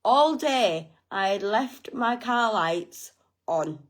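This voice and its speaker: A woman's voice: mid-range voice, animated, takes it slowly. A woman telling a personal story in a casual vlog, frank and self-mocking, with plenty of swearing. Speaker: vlogger.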